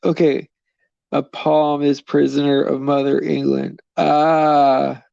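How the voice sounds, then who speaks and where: Creaky-voiced man chatting on a stream. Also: on the high side, little pitch movement, slow, mellow, dry recording, muffled recording. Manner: rambling, chuckling, loose and meandering. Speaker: livestream host. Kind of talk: casual chat with viewers on a live stream.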